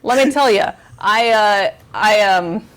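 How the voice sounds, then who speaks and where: A woman with a medium-pitched voice speaks slowly while hosting a charity livestream in her home kitchen. Using a lavalier mic, she chats casually, rambling and giggling with self-mocking humor.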